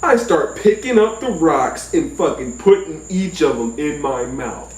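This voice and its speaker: Guy telling a wild story, swooping lively voice, swears a lot, echoey room far from mic. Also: unhurried. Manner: animated, profane, jumps into high yelps. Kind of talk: casual storytelling monologue. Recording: roomy sound from a distant mic.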